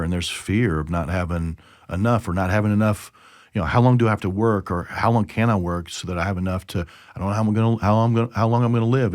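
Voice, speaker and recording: Low-voiced chatty podcast host, man. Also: darkish tone, no room sound, studio quality. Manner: chatty, tells jokes with acted voices. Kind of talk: casual podcast conversation.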